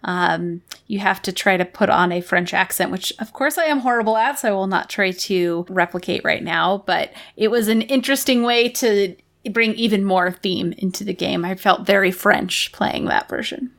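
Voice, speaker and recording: A woman co-hosting a board game podcast, chatting in a relaxed, musing way with occasional hesitations. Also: medium pitch, normal speed, creaky, few pauses. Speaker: podcast co-host. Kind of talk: casual chat about board games.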